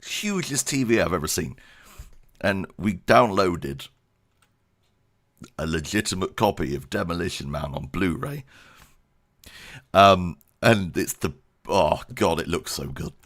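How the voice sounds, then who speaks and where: A man's voice: sits low, expressive, unhurried, long pauses, fairly bright tone. A man giving a casual channel update, rambling and self-deprecating, laughing often. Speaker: YouTube creator.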